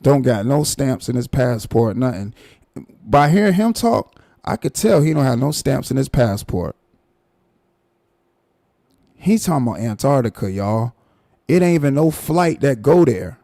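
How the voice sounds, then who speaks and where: Man ranting on his live stream, gravelly dark voice, mocking and repeating himself a lot. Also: medium pitch, big pitch swings, measured pace, pauses often, no room sound, clean studio sound. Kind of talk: casual commentary rant.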